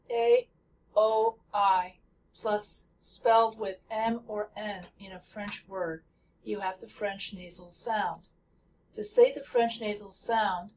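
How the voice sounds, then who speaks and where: Slow-speaking woman teaching pronunciation. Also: mid-range voice, darkish tone, recorded from a distance, slight background noise. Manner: slow, careful, demonstrates sounds by repeating words. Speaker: language teacher. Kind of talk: pronunciation lesson.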